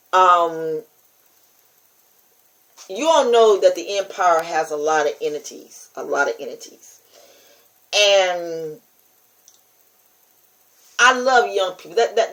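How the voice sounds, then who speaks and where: A woman's voice: lowish voice, fairly bright tone, poor audio. An older woman hosting her own podcast, talking straight to listeners in an emphatic, repetitive, testifying way. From United States. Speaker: podcast host and preacher. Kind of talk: casual spoken monologue to listeners.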